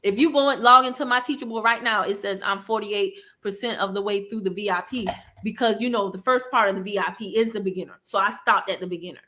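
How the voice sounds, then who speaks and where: Bright, lively woman hosting a livestream. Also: medium pitch, fast. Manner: animated, laughing, reads viewer comments aloud. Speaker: livestream host. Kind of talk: casual livestream chat.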